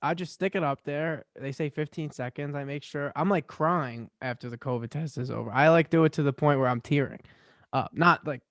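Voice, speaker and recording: A young man co-hosting a podcast, relaxed and teasing his friend. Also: a little high, brisk, no echo, clean studio sound. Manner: laid-back, laughing, teasing. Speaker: podcast co-host. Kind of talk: casual chat.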